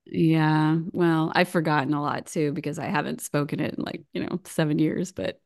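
A woman talking as a guest on a podcast over a video call, chatty and quick to laugh. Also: sits low, steady tone, gravelly, darkish tone. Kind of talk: casual interview chat.

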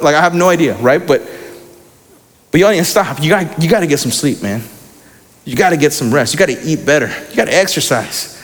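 A man's voice: a little high, fast talker, big-room sound. A young man preaching a sermon in a casual, slangy way, reading scripture aloud between asides.

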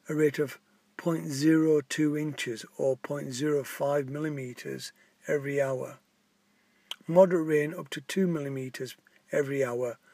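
A man's voice: a little high, darkish tone, husky, no room sound. A man voicing a matter-of-fact middle-aged park keeper in a put-on Scottish accent, explaining things plainly.

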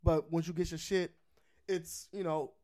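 A man's voice: fairly high pitch, little pitch movement, moderate pace, dark tone. A man chatting casually about pizza spots, laid-back and profane, laughing often. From Philadelphia.

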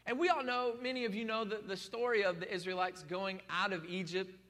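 A man preaching a sermon in a lively, folksy way, acting out the people in the story. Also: high-pitched, fairly quick. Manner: animated, acts out quotes of people, folksy. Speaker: pastor. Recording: reverberant hall.

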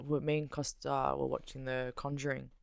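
A speaker telling a story in casual chat, animated and sweary, acting out what others said. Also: mid-range voice, normal speed, vocal fry, no echo.

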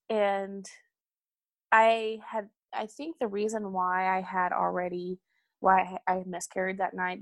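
A woman's voice: mid-range voice, no room sound. A young woman telling a personal story in a candid, rambling way, with many ums and asides. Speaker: hospital supervisor sharing a personal story.

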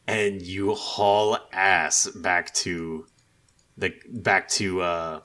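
A man's voice: deep voice, level tone, very slow, pushed and bright. A man in casual chat, retelling a video game's story in a rambling way, full of fillers and quoted lines. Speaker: podcast co-host discussing a video game.

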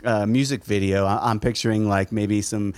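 A man's voice: fairly low pitch, steady tone, normal speed, no room sound. A man hosting a podcast, chatting loosely and joking, often breaking into laughter. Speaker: podcast host. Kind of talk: casual chat.

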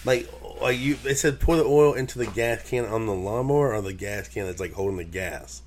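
A man's voice: lowish voice, fairly quick, slight background noise. A man co-hosting a casual chat, mostly giving short reactions and skeptical questions. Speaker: podcast co-host.

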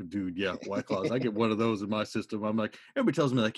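Low-ish and slightly rough, this thirty-something podcast host's voice comes rapid-fire with barely a pause, in clean, echo-free studio quality. It's laid-back casual chat full of stories, curse words and "dude."

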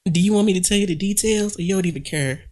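A woman's voice: medium pitch, quick pace, darkish tone. A woman co-hosting a casual gossip podcast, blunt and slangy as she tells the story. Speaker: podcast co-host.

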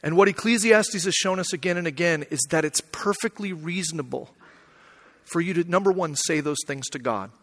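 A man's voice: a little high, a little fast, in a large hall. A young man from Arizona, a pastor, telling a personal story in a sermon, casual and emotional, with lots of fillers.

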